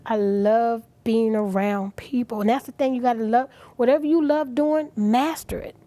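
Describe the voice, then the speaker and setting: A middle-aged woman guest on a talk show, speaking earnestly and with feeling, at times dropping to a soft near-whisper. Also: a little high, moderate pace, no echo. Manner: earnest, animated, drops to soft near-whispers at emotional moments. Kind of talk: inspirational talk show interview.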